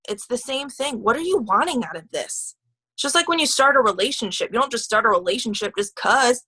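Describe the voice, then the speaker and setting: Amped up lady hyping her team on a call, chatty, keeps restarting, bright voice. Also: a little high, fairly quick, breathy edge, no echo, poor audio. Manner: excitable, gushing, chatty with many fillers. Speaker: team leader. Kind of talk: motivational team call talk.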